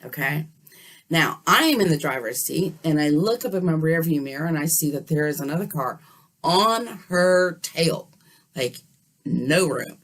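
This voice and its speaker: A woman telling a story in a casual, animated way, often checking in with her listener. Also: sits low, a little slow. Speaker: dream vlogger.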